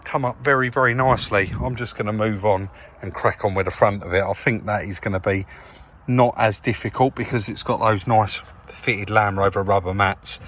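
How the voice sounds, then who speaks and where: A man from England in a car workshop, talking casually to camera as he cleans a car, relaxed and chatty, calling viewers "guys". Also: on the low side, moderate pace, a little hiss or hum. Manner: chatty, relaxed, says "crack on" and "guys" often. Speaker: car rebuild vlogger.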